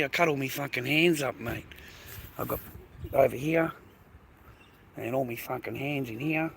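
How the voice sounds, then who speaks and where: A man with an Australian accent and a bright, forceful voice rambles aggrieved through a live stream, dropping curses every few words. He talks outdoors in an industrial area, with faint noise behind him. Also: mid-range voice, gravelly. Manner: swears constantly, aggrieved and rambling. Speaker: livestreamer.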